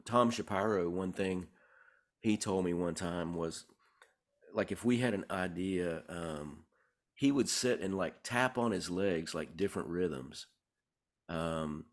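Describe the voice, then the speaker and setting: A man, a songwriter guest, telling stories in a relaxed, rambling way, with many fillers and restarts. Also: sits low. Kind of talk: conversational interview storytelling.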